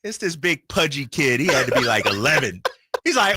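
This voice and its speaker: Male radio host, bright and forceful, dry studio sound, animated storyteller. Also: on the high side, unhurried, breathy edge, no echo. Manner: animated storyteller, acts out quotes. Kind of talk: casual sports talk and storytelling.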